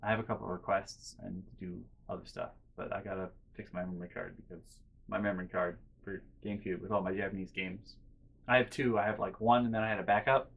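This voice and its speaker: A young man vlogging, telling a casual, rambling story full of restarts and quiet muttered asides. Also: low-pitched, steady tone, fast talker, creaky, slightly rough, muffled recording. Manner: rambling, self-interrupting with fillers and restarts.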